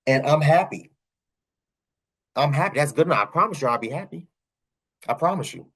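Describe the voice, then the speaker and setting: A man with a Southern accent talks through a reaction video. His commentary is animated and full of repeated phrases and laughing asides. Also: on the high side, fairly quick, slightly rough. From American South.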